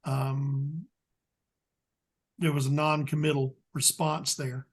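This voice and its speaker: A man's voice: on the high side, flat delivery, takes it slowly. Plain-spoken Southern man, rambling. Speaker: guest expert. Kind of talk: casual interview chat.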